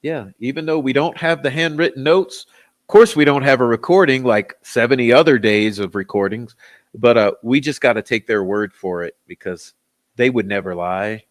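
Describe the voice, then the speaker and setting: A man's voice: medium pitch, moderate pace. A man hosting a commentary channel, ranting in a blunt, sarcastic, profane way.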